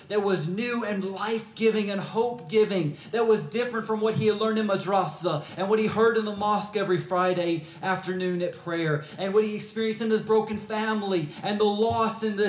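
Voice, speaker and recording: A man's voice: high voice, echoey room. A man preaching a sermon, telling a story in an earnest, conversational way.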